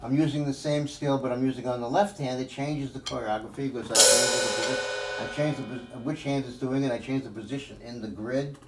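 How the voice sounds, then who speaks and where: A man's voice: medium pitch, steady tone, brisk, loud music behind the voice. A man teaching a live drum lesson, rambling and thinking aloud with many fillers. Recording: echoey room, mic at a distance, background noise.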